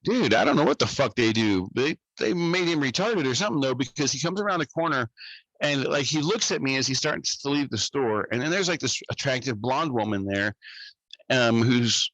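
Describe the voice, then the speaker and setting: A man telling a story in a casual podcast chat, animated and swearing freely as he rants. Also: medium pitch, moderate pace, dry recording, rough recording. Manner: animated, profane, ranting. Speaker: podcast co-host.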